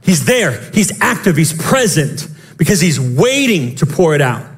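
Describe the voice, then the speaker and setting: Man, pastor, sermon, high voice, impassioned, quick asides, shouts. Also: sing-song. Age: young adult to middle-aged, father of children.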